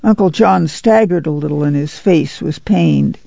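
A man with a strongly gravelly, dark voice reads a novel aloud in a measured, unhurried way. His voice sits a bit high for a man. The recording is dry and slightly dull. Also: no echo. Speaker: audiobook narrator. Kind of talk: scripted novel narration.

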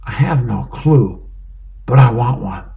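A man's voice: mid-range voice, expressive, takes it slowly, gravelly, mellow. A man voicing a TV-struck old husband. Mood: eager. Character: older husband wowed by a TV ad, childlike.

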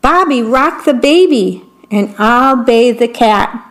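A woman's voice: on the high side, expressive, slow, low-quality recording. A woman doing a bossy storybook mom. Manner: raised, bossy voice. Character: bossy storybook mother ordering her family to clean.

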